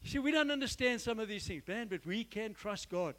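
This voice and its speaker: A man preaches to his church, his voice sitting notably high for a man. He sounds earnest and emphatic, leaning into repeated phrases and addressing the congregation directly. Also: animated, a little fast, fairly bright tone, rough recording. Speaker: pastor. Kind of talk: sermon.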